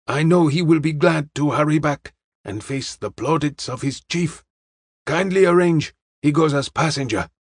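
A man voicing a polite, formal detective in an audiobook, speaking in measured, clipped phrases. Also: a little high, husky, no echo, clean studio sound, pitched above the performer's own voice. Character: polite, formal middle-aged male detective. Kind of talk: audiobook character reading.

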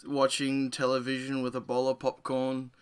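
A man with an Australian accent, a podcast co-host talking in animated, casual chat. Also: mid-range voice, normal speed, smooth.

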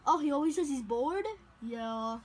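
A woman play-acting a plush-toy scene. She talks in an excitable, exclamatory way and often squeals or bursts into giggles. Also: high voice, measured pace, noisy background. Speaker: toy video creator voicing plush characters.

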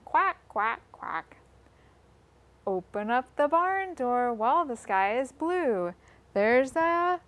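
A woman with a fairly high voice that swoops up and down, leading a children's storytime. She talks very slowly and in a sing-song way, inviting the little ones to join in with the rhyme. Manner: slow, sing-song, speaks to young children. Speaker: children's librarian.

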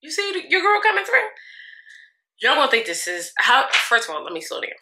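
Sassy chatty woman, bright echoey room. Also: high-pitched, wildly swooping pitch, a little fast. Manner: sassy, chatty, laughs often. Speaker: beauty vlogger. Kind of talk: casual get-ready-with-me chat.

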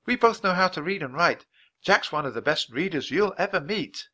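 A man's voice: a little high, lively intonation, normal speed, sharp tone, voice pushed up. Man doing an eager young girl. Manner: eager, upbeat. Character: cheerful bold young girl.

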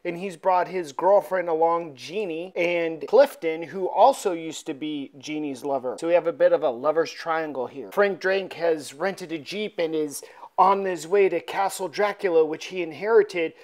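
Woman host, comic recap, chatty, talks to folks, somewhat low voice. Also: moderate pace, darkish tone. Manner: chatty, addresses viewers as folks. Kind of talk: casual comic-book recap.

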